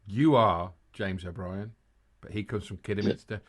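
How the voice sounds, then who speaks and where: Jokey rambling English podcast host. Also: male voice, lowish voice, moderate pace. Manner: jokey, rambling, laughs at his own jokes. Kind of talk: casual chat.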